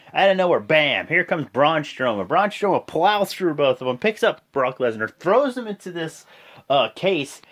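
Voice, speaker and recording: A man talks through events in a loose, chatty recap. His voice swings up and down a lot. He stumbles, corrects himself and jumps into quoted voices. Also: on the high side. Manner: rambling, self-correcting, acts out quotes. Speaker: wrestling show reviewer. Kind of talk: casual play-by-play recap.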